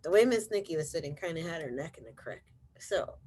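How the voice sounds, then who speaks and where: A woman's voice: deep voice, expressive, a little fast, husky. A young woman teaching preschool at home, leading circle time with simple exercises and questions for small children. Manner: bright, encouraging, talks straight to small children.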